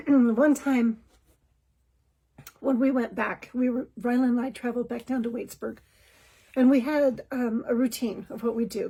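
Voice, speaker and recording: A woman telling a personal family story in a candid, reflective, self-examining way, now and then clearing her throat. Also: fairly high pitch, mellow, poor audio. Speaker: podcast host.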